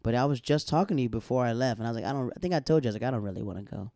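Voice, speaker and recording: Animated man telling a story, dark voice. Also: mid-range voice, racing, dry recording, studio quality. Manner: animated storyteller, acts out other people's lines; laughs often while talking. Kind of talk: casual chat.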